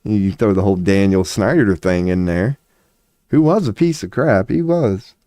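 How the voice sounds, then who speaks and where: A low-pitched man rants in a casual, sarcastic way, swearing freely and laughing between points. His voice is mellow and warm. The sound is dry and close. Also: normal speed, dry recording. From United States. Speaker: commentary vlogger. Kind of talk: casual ranting commentary.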